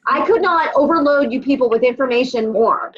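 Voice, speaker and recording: A woman's voice: high-pitched, brisk, husky, lo-fi sound. A woman leading a casual motivational call for her sales team, blunt and swearing as she gives tough love.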